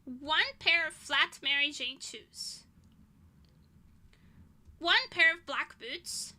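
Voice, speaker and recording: A woman's voice: high voice, expressive, drawn-out words, bright, forceful tone. A young woman streamer chatting casually, ranting indignantly with swearing and laughter. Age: young adult.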